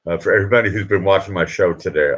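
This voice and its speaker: A man hosting a late-night live stream, emotional and teary, talking in halting, rambling bursts. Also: sits low, a bit bright, husky. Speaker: livestream host.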